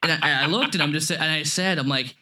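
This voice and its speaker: A man in his thirties co-hosting a casual movie review podcast, telling stories with animated energy and frequent laughs. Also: fairly high pitch, fairly quick, slightly rough. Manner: animated storytelling, laughs often. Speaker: podcast co-host. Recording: lo-fi podcast audio.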